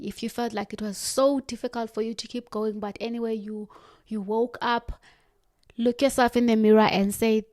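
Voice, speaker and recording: A woman giving a motivational self-help talk, earnest and direct, slowing down for firm emphasis. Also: fairly high pitch, steady tone, a little mellow, dry recording, studio quality.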